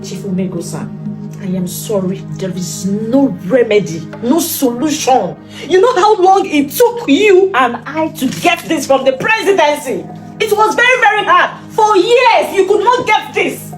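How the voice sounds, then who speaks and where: A woman's voice: high-pitched, expressive, a little slow. A woman playing a female envoy in a comedy skit, scolding and then mourning a lost deal. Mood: sorrowful. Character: woman envoy bringing a contract, indignant then sorrowful. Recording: roomy audio with background music.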